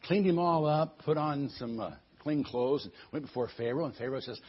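A man telling a Bible story in an animated way, often repeating words as he goes. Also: a little high, moderate pace, hardly any pauses, slightly rough. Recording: dull lo-fi recording.

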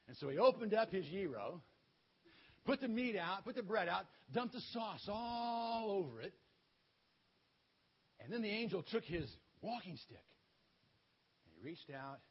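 A male preacher tells a children's story sermon in an animated, playful way. His voice sits high and leaps about in pitch, with a husky grain. The recording sounds dull and lo-fi. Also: unhurried, long pauses.

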